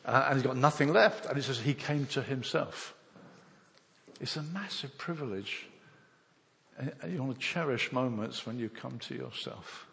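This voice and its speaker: An older man from England preaches and tells his own story, putting on the voices and thoughts of each person he quotes. His voice has a gravelly, creaky edge and a mid pitch. It rings with the long reverb of a large hall. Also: lively intonation, normal speed, a bit bright. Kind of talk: sermon with personal testimony.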